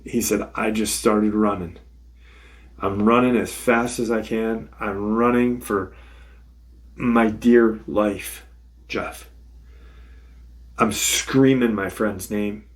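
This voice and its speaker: A man's voice: lowish voice, steady tone, takes it slowly, pauses often. A man hosting a paranormal channel, casually retelling a witness's encounter in first person, swearing freely and repeating "he said". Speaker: paranormal podcast host.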